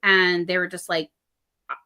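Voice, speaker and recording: A woman telling stories in a relaxed podcast conversation, acting out what people said and laughing often. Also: on the low side, moderate pace, smooth. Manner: animated, acts out quoted dialogue, laughs often. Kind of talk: casual conversational storytelling.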